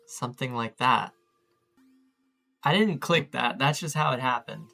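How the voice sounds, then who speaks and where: A man's voice: medium pitch, unhurried, gravelly, bright, forceful tone, faint music behind. A man chatting casually while playing a text adventure, reading its lines aloud and joking about them in a self-mocking way. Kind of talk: casual let's-play commentary.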